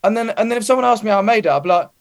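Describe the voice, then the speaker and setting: A man's voice: high-pitched, expressive, rapid-fire. A man, a music producer in a casual chat, who rambles and keeps restarting his sentences in slangy talk.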